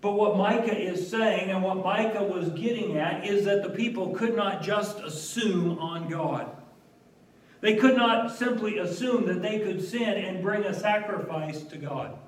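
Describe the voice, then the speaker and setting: Guy preaching a sermon, kinda high voice, earnest and punchy, sounds far off from the mic. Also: unhurried. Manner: earnest, emphatic preaching with wry asides. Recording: echoey room, voice from a distance.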